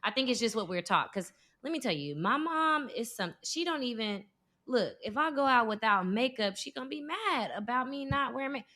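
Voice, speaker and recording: A woman in her thirties, a guest in a casual chat, tells stories animatedly and acts out many quotes. Her voice is a little high and a little fast, recorded with no room sound.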